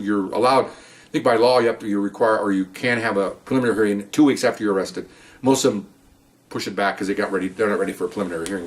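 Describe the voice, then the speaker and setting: An older man, a police officer, telling rambling stories in casual chat and often checking in with "okay?". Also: on the low side. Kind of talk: casual storytelling.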